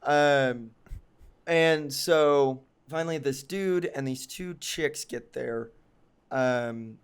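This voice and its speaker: A young man with a fairly high voice tells a long personal story in casual podcast chat. He rambles, fills gaps with ums and likes, and pokes fun at himself as he goes. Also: fairly bright tone, smooth. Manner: rambling, full of ums and likes, self-mocking. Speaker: podcast co-host.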